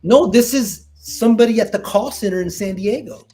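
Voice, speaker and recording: Animated man, veteran telling a story. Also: high-pitched, moderate pace. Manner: animated, acts out dialogue with restarts. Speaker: guest, retired Marine veteran. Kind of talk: casual storytelling conversation.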